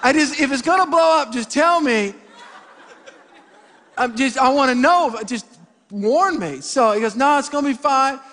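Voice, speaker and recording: A middle-aged male pastor preaching in a church sanctuary, full of humor and animated storytelling. His voice sits high for a man, and it rings with a long reverb through the hall. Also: unhurried, pauses often. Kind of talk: sermon with storytelling.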